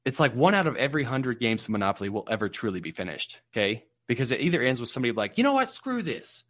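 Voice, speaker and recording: A man of middle pitch rambles through offbeat stories with a deadpan delivery. His voice is close and dry, with almost no room around it. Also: very fast, no echo. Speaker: livestream host. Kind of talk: rambling comic storytelling.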